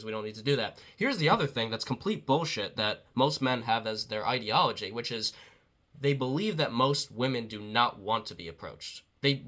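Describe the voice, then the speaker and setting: Bright-voiced blunt dating coach man. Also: mid-range voice. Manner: blunt, profane, quotes others in quick asides. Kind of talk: casual motivational talk.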